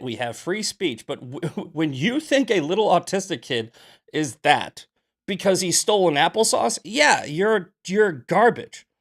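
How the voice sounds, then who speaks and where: A young man hosting a political livestream, arguing heatedly with his chat in a combative, ranting way. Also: fairly high pitch. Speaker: political commentator and show host. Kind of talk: livestream commentary answering chat.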